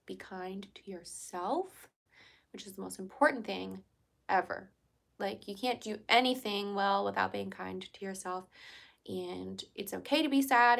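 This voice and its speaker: A woman's voice: medium pitch, vocal fry, fairly bright tone. A young woman from Virginia, chatting casually on a livestream, laughing often and answering viewer comments. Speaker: livestream host.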